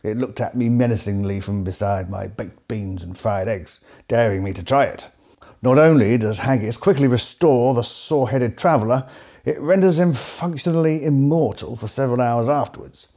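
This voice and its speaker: English man, host, scripted comedy narration, mellow tone, dry and sardonic. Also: medium pitch, moderate pace. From England.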